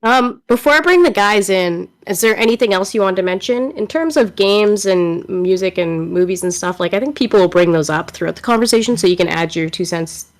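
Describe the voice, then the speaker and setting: A woman co-hosting a casual chat, briskly moving the show along. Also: medium pitch. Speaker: co-host.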